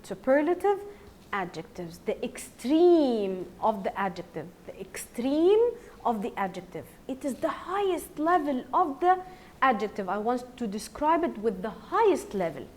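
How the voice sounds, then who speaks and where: A woman with an Egyptian accent teaching a primary school English grammar lesson, slowly repeating word forms so children can follow. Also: on the high side, big pitch swings. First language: Arabic. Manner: slow, repeats words for drilling.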